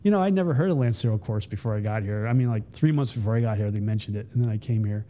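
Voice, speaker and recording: Middle-aged man, casual storytelling, mellow dark voice, acts out voices with sudden high jumps. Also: rapid-fire, slight background noise. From United States. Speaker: podcast guest, retired Army Special Forces soldier.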